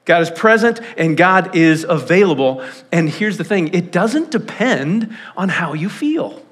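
A high-pitched man preaching a sermon in a church sanctuary. He tells stories with lively, animated delivery and jumps into quoted voices along the way. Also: unhurried, few pauses, husky. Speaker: pastor.

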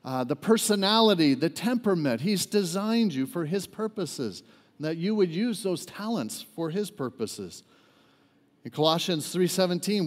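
High-voiced preacher man in an echoey sanctuary. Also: lively intonation, normal speed. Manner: joking, asks the congregation to respond. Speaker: guest preacher. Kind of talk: sermon. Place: church sanctuary. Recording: echoey church hall reverb.

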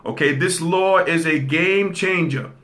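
A man's voice: on the high side, measured pace, a bit bright. A man hosting a casual commentary show, talking straight to his audience, repeating points and checking in with "okay?". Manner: repeats phrases for emphasis. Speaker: host.

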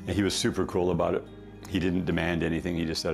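Gravelly low-voiced middle-aged man. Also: quick pace, music in the background. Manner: animated, laughing often, self-deprecating. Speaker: company founder guest. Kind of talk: casual anecdotal storytelling.

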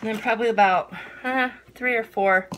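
A woman's voice: fairly high pitch, fairly even intonation, normal speed, noisy background. A woman in her forties chatting casually to camera as a vlogger, rambling with lots of ums. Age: 40s.

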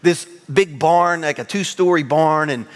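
Animated preacher man in a reverberant church. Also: a little high, measured pace. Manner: animated storytelling with self-mocking humor. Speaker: pastor. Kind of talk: sermon. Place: large church sanctuary.

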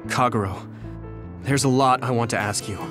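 Actor playing an earnest young male soldier, sincere and steady, mid pitch, game music under it. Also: normal speed, lightly acted. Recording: game audio with music behind.

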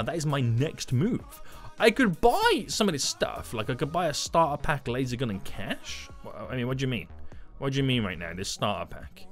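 A man giving loud, jokey commentary while playing a video game, breaking into sudden shouts. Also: mid-range voice. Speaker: gaming YouTuber. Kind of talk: energetic gameplay commentary.

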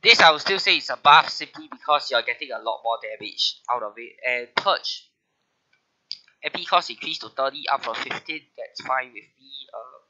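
A man with a nasal voice from a bad flu gives casual commentary on a game update. His tone is sharp and very bright, and he fills pauses with "uh". The recording sounds somewhat dull and lo-fi. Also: mid-range voice. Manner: talks through notes with frequent "uh" fillers. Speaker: gaming video host.

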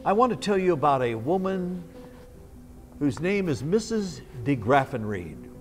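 A man delivering a brief devotional with slow, measured storytelling and a slightly high voice. Long reverb trails his words and soft music plays underneath. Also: big pitch swings. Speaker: minister. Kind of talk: short devotional message.

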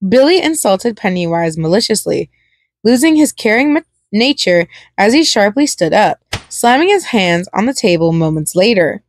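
A woman reading a fan story aloud, dramatic and expressive with a few stumbles. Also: medium pitch, moderate pace, dry recording, clean studio sound. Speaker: fan fiction reader.

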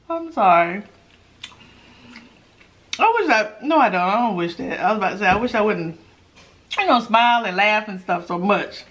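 A woman's voice: mid-range voice, lively intonation, moderate pace, pauses often, a bit bright. A woman hosting a mukbang eating show, chatting casually to her viewers between bites and laughing often. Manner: chatty, giggly, talks to viewers while eating. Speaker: mukbang host.

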